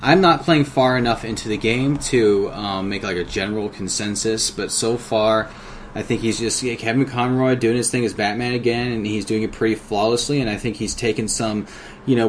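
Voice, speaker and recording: Low-voiced man giving measured opinions. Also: a little hiss or hum. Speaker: podcast co-host. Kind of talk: casual podcast discussion.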